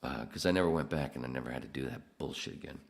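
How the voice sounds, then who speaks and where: A man's voice: rumbling low, fast, creaky. A man hosting a podcast, telling rambling, profanity-laced stories in a casual way. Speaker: podcast host. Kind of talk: casual storytelling.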